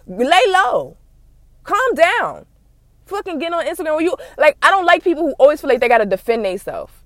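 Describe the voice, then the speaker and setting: A woman podcast host, ranting bluntly and profanely in animated commentary. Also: high-pitched, no echo.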